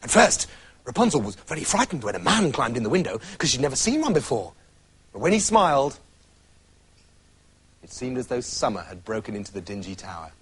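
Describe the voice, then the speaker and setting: A man's voice: medium pitch, sing-song, fairly quick, long pauses, husky. A man narrating a comic fairy tale in a playful, theatrical way. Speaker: storyteller.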